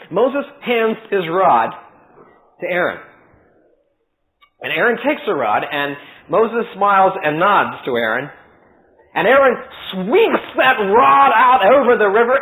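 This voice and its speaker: Older man, preacher, dramatic sermon storytelling, slightly high voice. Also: low-quality recording. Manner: animated, vivid retelling with shifting loudness.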